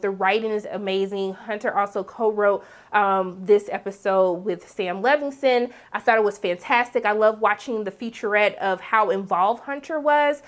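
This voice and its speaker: A young woman giving a chatty, animated spoken review of a TV episode, with lively asides. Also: medium pitch. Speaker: TV recap reviewer.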